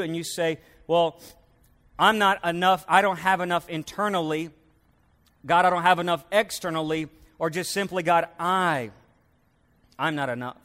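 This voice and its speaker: A man's voice: on the high side, a bit bright, big-room sound. A man preaching a sermon as a pastor, telling stories and acting out the voices in them.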